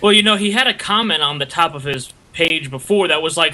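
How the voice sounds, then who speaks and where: Higher-pitched, bright joking man. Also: fairly quick. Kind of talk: casual comedy show chat.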